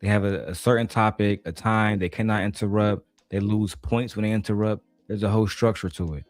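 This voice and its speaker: A man's voice: fairly low pitch, steady tone, fairly quick, no echo, faint music behind. A man hosting a reaction video, giving mocking, slangy commentary on a debate clip.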